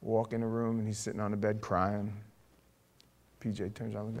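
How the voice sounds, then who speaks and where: A man's voice: fairly low pitch, monotone, fast. Man preaching with a drawl. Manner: conversational, acts out dialogue, rising to forceful exhortation. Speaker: pastor. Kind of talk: sermon storytelling.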